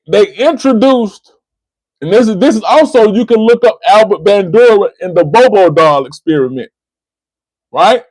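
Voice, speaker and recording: In this poor-quality clip with no room sound, a high-pitched male host of a call-in debate stream is lecturing a caller. He restarts his words repeatedly and keeps coming back to the caller's name.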